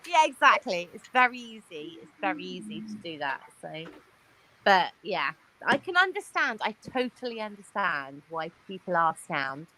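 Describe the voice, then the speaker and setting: A woman's voice: mid-range voice, big pitch swings, moderate pace, sharp tone, low-quality recording. A woman in a casual group chat, telling a story with frequent laughter.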